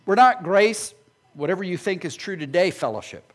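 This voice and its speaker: A male pastor preaching a sermon, animated and acting out imagined voices of his listeners. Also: high voice, moderate pace.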